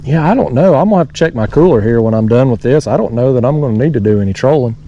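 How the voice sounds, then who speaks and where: A man's voice: mid-range voice, lively intonation, rapid-fire, dark tone, highs cut off. A man casually narrating his fishing from a kayak on a lake, rambling folksily and talking to his viewers. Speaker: fishing vlogger. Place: kayak on a lake below a dam, outdoors.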